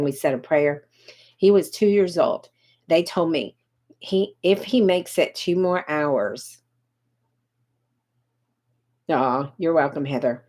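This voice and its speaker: This is a woman in her fifties coaching an online audience during a livestream. Her voice sits slightly low, and she talks in a chatty, direct way. She often stops to answer viewers by name. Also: darkish tone. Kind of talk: casual livestream pitch.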